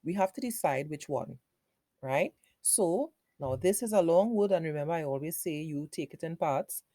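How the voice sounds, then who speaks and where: A woman teacher giving a phonics lesson for young children, sounding out words slowly in parts. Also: low-pitched, animated, dark tone, dry recording, clean studio sound.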